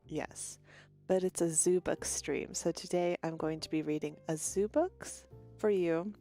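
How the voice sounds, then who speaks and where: A woman's voice: lowish voice, unhurried, dark tone, faint music behind. A woman streamer chatting casually with her viewers, greeting them one by one and sometimes losing her train of thought. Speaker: virtual streamer.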